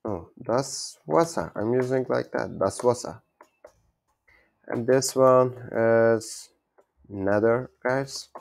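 Slow, gravelly man teaching German. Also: medium pitch, darkish tone. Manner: halting, repeats words, self-correcting. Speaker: language learner teaching German basics. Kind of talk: informal self-taught lesson.

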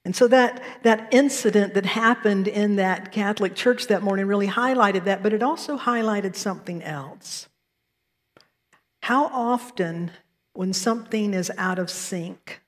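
A woman's voice: medium pitch, moderate pace, big-room sound. A woman minister with a Southern American accent, delivering a sermon with storytelling and self-deprecating asides. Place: church sanctuary.

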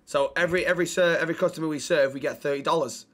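A man with a high voice, streaming a role-play game. He talks brashly and swears a lot. He throws out insults without missing a beat. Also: fairly bright tone. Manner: brash, profane, quick to insult.

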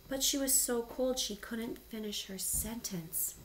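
A woman teacher reading a picture book aloud to children, animated and asking them questions. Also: on the high side, a little slow, few pauses, slight background noise.

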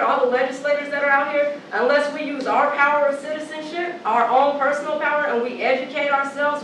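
Blunt cursing lady from oregon giving a panel speech, high bright voice, heard from far off in a big echoey hall. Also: a little hiss or hum. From Oregon, United States. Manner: blunt, fiery and profane, with emphatic repetition. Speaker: panelist and community organizer. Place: large lecture hall.

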